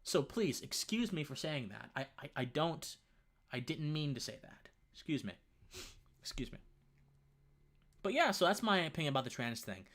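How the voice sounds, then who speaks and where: Animated young man on a livestream. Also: fairly high pitch, normal speed, pauses often. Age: young adult. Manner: rambling, stumbles over words and restarts; lively and conversational, says man often. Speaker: livestream host. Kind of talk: casual opinion livestream with chat.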